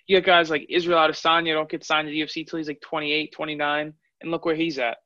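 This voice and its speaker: A man's voice: on the high side, little pitch movement, quick pace, pushed and bright, no echo. A man in his twenties, a fighter, telling his story candidly in an interview. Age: 20s. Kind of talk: interview answers. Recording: dull lo-fi audio.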